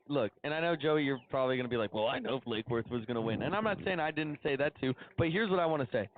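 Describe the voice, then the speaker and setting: A man calling play-by-play at a high school football game, chatty and excitable about the action. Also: phone-quality sound, slight background noise. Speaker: play-by-play announcer.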